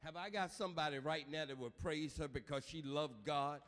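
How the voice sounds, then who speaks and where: A male pastor preaching a funeral sermon, calling out to the congregation for amens and building up to shouts. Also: fairly high pitch, moderate pace. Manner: call-and-response preaching, rising to shouts. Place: large church sanctuary. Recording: long church reverb.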